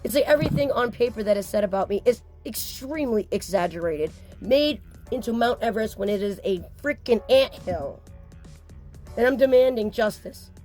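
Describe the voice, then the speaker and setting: A woman's voice: on the high side, expressive, normal speed, a little mellow, soft background music. A woman talking to camera as a mother speaking out, upset, insistent and blunt, with occasional swearing. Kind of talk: emotional personal vlog.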